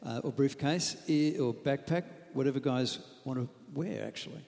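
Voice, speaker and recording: A man preaching a lively, humorous sermon on marriage, acting out quoted asides. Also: mid-range voice, normal speed, creaky, big-room sound. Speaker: pastor.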